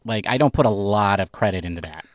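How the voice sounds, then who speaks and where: A man's voice: lowish voice, fast talker, no room sound, studio quality. A middle-aged man co-hosting a casual sports podcast, wry and playfully skeptical. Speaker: podcast co-host.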